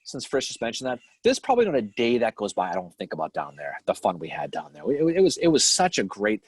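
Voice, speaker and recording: A man's voice: lowish voice, huge pitch swings, fast talker, husky, no echo. Rambling middle-aged man with a Boston accent. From Boston area. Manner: rambling, swears freely, laughs often. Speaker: podcast co-host. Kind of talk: casual live-stream chat.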